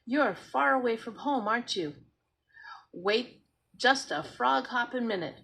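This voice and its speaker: Woman doing an excitable seven-year-old boy. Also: a little high, a little slow, vocal fry, voice pushed up, full character voice. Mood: excited. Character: young boy, about seven, timid but eager.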